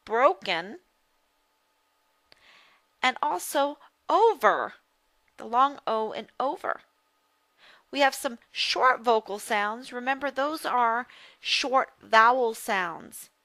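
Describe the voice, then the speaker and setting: A woman teaching a phonics lesson, speaking deliberately and repeating each word for drill. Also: mid-range voice, bright, forceful tone, no echo. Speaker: reading teacher.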